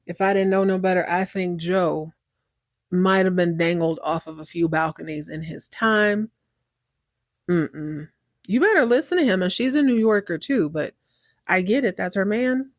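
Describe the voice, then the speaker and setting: A woman recapping a TV drama on her podcast in a loose, talky way, quoting the characters and reacting as she goes. Her voice sits in an everyday middle pitch and sounds close and dry, with no room around it. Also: unhurried, no echo. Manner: chatty and opinionated, acts out characters' lines, laughs and reacts loudly. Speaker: podcast host recapping a TV series. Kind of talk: casual chat.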